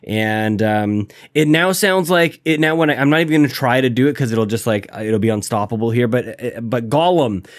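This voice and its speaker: A man's voice: mid-range voice, normal speed, hardly any pauses. A man hosting a podcast while sick, short of breath from a cough, talking in a rambling, self-deprecating, upbeat way. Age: adult, married. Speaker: podcast host. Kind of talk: casual podcast chat.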